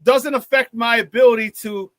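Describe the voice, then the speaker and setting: A man hosting a live-streamed sports talk show, reading viewer chat in an excitable, hyped way, laughing often and using slang. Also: very high voice, normal speed, no echo.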